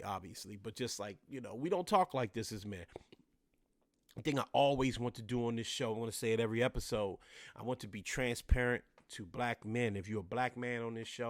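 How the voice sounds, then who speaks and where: A man's voice: mid-range voice, no echo, clean studio sound. A man with a Washington DC accent hosting a solo podcast. He talks straight to his listeners and repeats phrases for emphasis. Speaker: podcast host.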